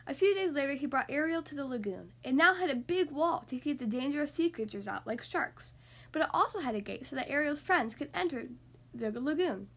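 High-pitched female host reading picture books aloud to children, expressive. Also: fairly quick. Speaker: podcast host and reader.

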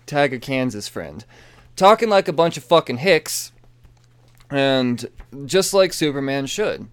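A man giving a casual, rambling comic book review, excitable and full of swearing and asides. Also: medium pitch, clear, resonant tone.

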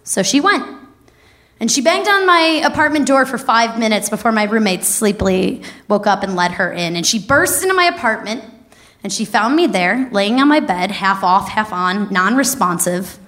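A woman in her thirties telling a wild personal story on stage, lively and laughing as she goes. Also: medium pitch, normal speed. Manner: lively, animated, breaks into laughter. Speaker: comedic storyteller. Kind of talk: stand-up storytelling.

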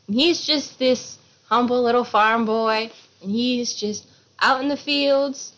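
A woman's voice: on the high side, slow, a bit bright, poor audio. A woman, co-hosting a casual book chat, retelling a story playfully and slipping into silly voices. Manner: playful, laughs often, slips into silly voices. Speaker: book podcast co-host.

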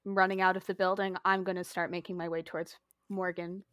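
A woman with a New Jersey accent playing a tabletop game, animated and easily exasperated. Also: on the low side, brisk, no echo, clean studio sound. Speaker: player. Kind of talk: tabletop role-play chat.

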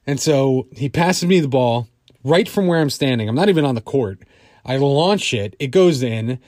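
Man, mid-pitched, casual storyteller; dry, close recording. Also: expressive, normal speed, darkish tone, no echo. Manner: conversational, many fillers. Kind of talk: personal storytelling.

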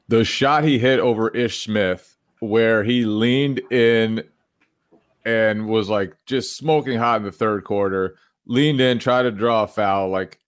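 A man who writes about sports, giving a quick and animated pick during a casual podcast chat. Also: fairly low pitch, dry recording, studio quality. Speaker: sportswriter guest.

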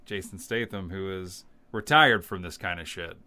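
A man in his fifties, a podcast co-host, telling a movie plot in rambling, animated casual chat. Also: low-pitched, moderate pace. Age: 50s.

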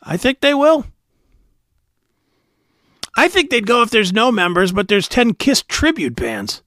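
A man's voice: high voice, very animated, unhurried, bright, forceful tone, dry recording, studio quality. A man co-hosting a metal music podcast, blunt and wisecracking in casual chat. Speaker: podcast co-host.

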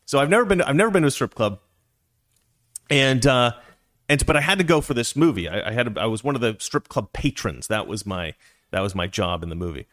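A man's voice: medium pitch, animated, brisk, fairly bright tone. A man telling a long personal story in a casual, rambling way, with frequent restarts and asides.

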